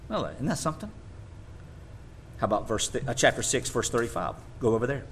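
A man delivers a sermon in a mid-range voice, working through verses one by one. He hammers key words again and again for emphasis, swinging from loud declarations down to near-murmurs. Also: medium pitch, big pitch swings, fairly quick, long pauses, a little hiss or hum. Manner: emphatic, repeats words for stress, wide swings in loudness. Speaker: preacher. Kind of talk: sermon teaching from scripture.

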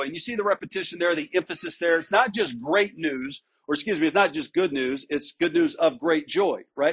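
A male pastor delivers an expository sermon in a high-pitched, somewhat husky voice. He talks conversationally, stresses key words, and often doubles back on a phrase before finishing it. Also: fairly quick, hardly any pauses, a bit bright. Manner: conversational and emphatic, with frequent restarts and checks with listeners.

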